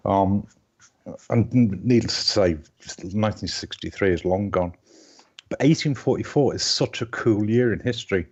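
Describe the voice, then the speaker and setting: A man's voice: lowish voice, normal speed. Rambling Liverpool man in his fifties. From Liverpool, England. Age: 50s. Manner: rambling, restarts sentences often. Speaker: guest. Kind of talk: casual live-stream chat. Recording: dull lo-fi call audio.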